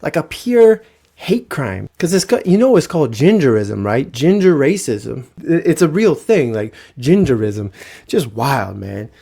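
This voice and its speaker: A man hosting a podcast, telling comic stories in an animated, profane way. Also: medium pitch, moderate pace, vocal fry, husky. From Canada. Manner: animated, profane, rhetorical "right?". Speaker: podcast host. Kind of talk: comic storytelling.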